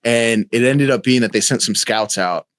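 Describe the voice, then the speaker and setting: A man hosting a podcast, chatting in quick bursts and swearing casually. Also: medium pitch, fairly bright tone, dry recording, clean studio sound. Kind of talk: casual chat.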